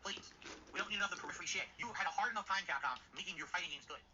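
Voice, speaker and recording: Fast angry high-voiced man ranting. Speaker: livestreamer. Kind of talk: ranting stream clip. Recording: muffled low-fi stream audio with faint noise.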